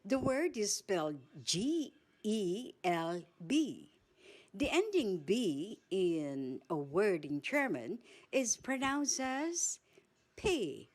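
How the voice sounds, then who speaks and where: A woman with a Filipino accent presenting a basic language lesson, saying each word slowly and repeating it. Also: medium pitch, big pitch swings. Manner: slow, careful, repeats each word twice. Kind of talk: slow scripted language lesson.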